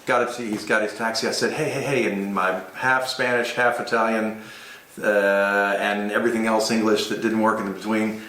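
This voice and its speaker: A man recounting a wild cab ride abroad as an expat, telling it with animated energy and vivid sound effects. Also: fairly low pitch, moderate pace. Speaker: expat storyteller. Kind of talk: casual travel storytelling. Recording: roomy echoey room.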